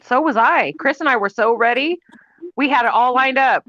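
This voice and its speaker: A woman's voice: sits high, normal speed, a bit bright, muffled recording, slight background noise. A woman hosting a casual livestream chat, playful and teasing.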